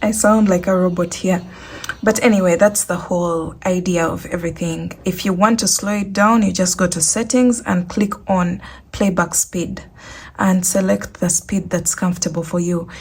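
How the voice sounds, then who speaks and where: A woman's voice: fairly low pitch, steady tone, normal speed, husky. A woman hosting a crochet tutorial, talking casually and walking through each step, often repeating herself. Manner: chatty, repeats instructions.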